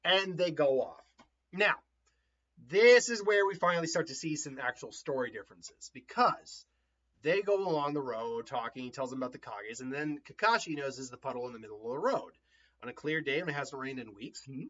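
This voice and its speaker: A man casually retelling a story in an animated way, often laughing and acting out voices, on a dull lo-fi recording. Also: medium pitch, fairly quick.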